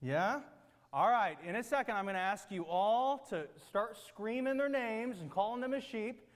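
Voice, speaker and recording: This man has a high-pitched voice with lively intonation and a moderate pace. He's running a children's church group activity, offering upbeat, coaxing instructions and often confirming the kids understand, inside a large room with a platform where a big hall's long reverb rings out.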